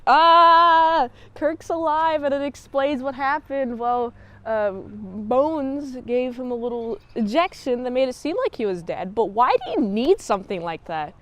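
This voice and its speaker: A woman's voice: high voice, lively intonation, unhurried, a bit bright. A young woman casually recapping and reviewing TV episodes, chatty and giggly, with lots of filler words and restarts.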